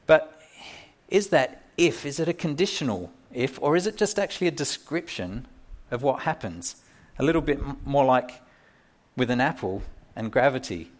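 A man preaches a sermon in a relaxed, conversational way. His pitch sits in an ordinary middle range, and he pauses now and then with small fillers and restarts before pressing on.

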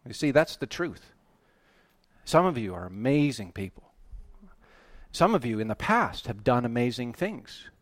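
A man preaching a sermon, animated and emphatic, often rising to loud, excited peaks. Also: medium pitch, unhurried, long pauses, dry recording. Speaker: pastor.

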